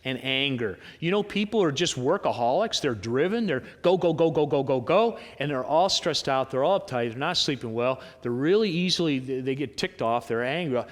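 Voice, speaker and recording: Male pastor, slightly raised pitch, chatty rhetorical preaching, long reverb of a church hall. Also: animated, brisk, few pauses. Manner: conversational preaching with repeated rhetorical questions. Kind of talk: sermon. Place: church sanctuary.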